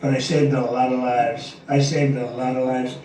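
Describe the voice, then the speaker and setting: A man's voice: medium pitch, little pitch movement, normal speed, dark tone, distant mic, slight background noise. An older man speaking at a press event in an emphatic, repetitive, rambling way. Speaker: president answering press questions. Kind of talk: press conference remarks. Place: large formal meeting room. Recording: echoey room, off-mic.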